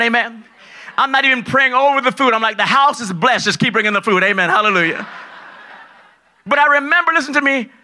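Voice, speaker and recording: A man preaching a sermon as pastor, loud and excitable, dropping from shouts to low asides and acting out the people in his stories. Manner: acts out dialogue in his stories. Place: large church hall at a conference.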